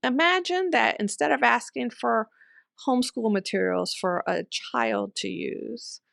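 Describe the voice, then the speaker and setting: A middle-aged woman talks things over in a relaxed, thoughtful way, dropping in ums and quick little laughs. Her voice has a strong gravelly fry. The recording is close and dry, with no room sound. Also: on the high side, no echo. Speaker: homeschool commentary host. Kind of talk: casual commentary reading and discussing an online post.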